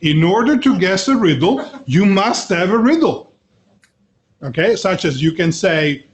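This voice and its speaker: A middle-aged man giving a university lecture, often checking in with "okay?" and "right?" and pausing on filler sounds. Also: high-pitched, lively intonation. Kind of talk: classroom lecture.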